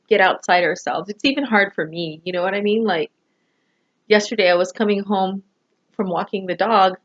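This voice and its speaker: A woman with a medium-pitched voice talks to the camera as a vlogger, and the audio is lo-fi. She rambles emotionally about family and people, filling her speech with phrases like "you know."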